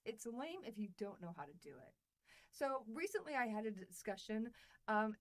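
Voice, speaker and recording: A woman's voice: medium pitch, poor audio. A woman hosting a solo podcast, talking with bubbly enthusiasm and playful asides to her listeners. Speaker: podcast host and publisher. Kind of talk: casual solo podcast talk.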